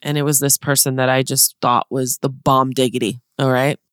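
This woman in her thirties, a business consultant, hosts a motivational podcast in a deep, rumbling voice that barely moves in pitch. She speaks at a normal speed, upbeat, chatty and direct with listeners, in clean studio sound with no echo.

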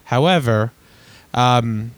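A man's voice: mid-range voice, slow pace, no echo. A man co-hosting a podcast in casual chat, explaining his point earnestly, step by step, with frequent ums. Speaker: podcast co-host.

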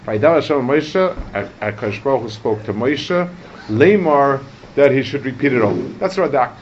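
A man giving a Torah class, talking in a halting way with many restarts and Hebrew terms. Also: mid-range voice, slight background noise. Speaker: Torah teacher. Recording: dull lo-fi recording with faint ambience.

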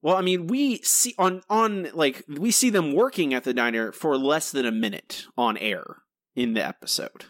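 A man's voice: a little high, expressive, normal speed, dry recording, clean studio sound. A man co-hosting a podcast, talking in an exasperated, rambling way with frequent restarts. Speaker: podcast co-host. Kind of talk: casual review chat.

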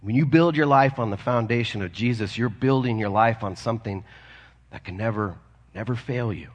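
A man's voice: fairly low pitch, moderate pace, muffled recording. A man preaching a sermon as a pastor, earnest and conversational, asking his listeners questions as he goes. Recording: long reverb of a large hall.

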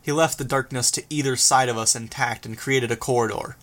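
Man, audiobook narrator, steady, measured, scripted narration, mid-range voice. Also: medium pitch.

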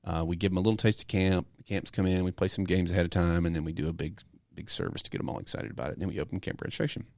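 A man co-hosting a youth ministry podcast, telling stories in a relaxed casual chat. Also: low-pitched, very fast, vocal fry, hardly any pauses, dry recording, studio quality. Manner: relaxed storytelling, easy laughs. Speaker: podcast co-host, youth pastor.

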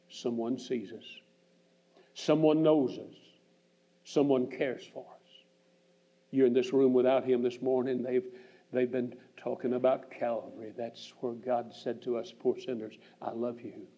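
Older preacher, storytelling sermon, warm and low-key, dull church recording. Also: male voice. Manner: earnest storytelling, retelling a man's words with long hushed passages. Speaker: visiting preacher. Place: church sanctuary. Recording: muffled church archive recording.

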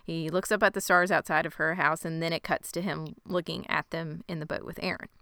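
A woman talks through a TV episode for a podcast in a casual, animated way. Her voice is bright and very clean, a touch lower than most. The sound is close and dry, with no room around it. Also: brisk, creaky, clean tone, no echo. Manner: animated retelling, swearing and laughing. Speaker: podcast co-host. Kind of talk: casual TV recap chat.

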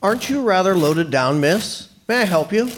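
A polite young gentleman offers help with formal courtesy. His voice is high and lively, rising and falling readily. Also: moderate pace, slight background noise. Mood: courteous. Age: young adult.

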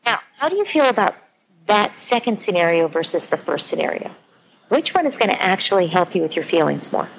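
A woman's voice: fairly low pitch, big pitch swings, fairly quick, vocal fry, dull audio, slight background noise. A woman speaking as a parenting expert, earnestly explaining her ideas through everyday scenarios. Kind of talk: conversational explanation.

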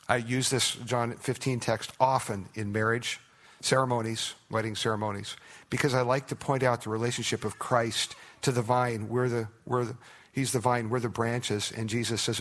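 Pastor, man, gravelly, earnest conversational preaching with quiet prayerful moments. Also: mid-range voice, fairly even intonation, normal speed. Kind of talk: sermon.

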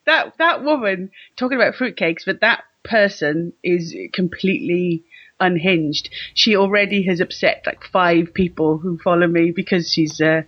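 A man co-hosts a comedy podcast from a rural house in France, joining over a remote call. His high-pitched voice comes at a moderate pace, cheeky and camp with frequent laughter, and the recording is muffled with no room sound.

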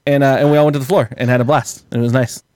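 Talking very fast in a steady, slightly mellow medium-pitched voice, a man rambles through a long, foul-mouthed story as a podcast guest. He laughs a lot, and there's no room sound.

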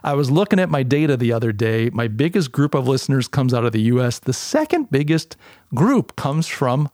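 A man's voice: mid-range voice, fairly quick, darkish tone, no echo, studio quality. A man from the United States hosting a podcast, talking in a casual, opinionated, rambling monologue with frequent restarts. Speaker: podcast host.

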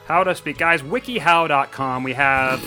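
A man co-hosting a casual comedy podcast, joking and reading slang aloud, drawing some words out slowly. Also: a little high, pushed and bright, faint music behind.

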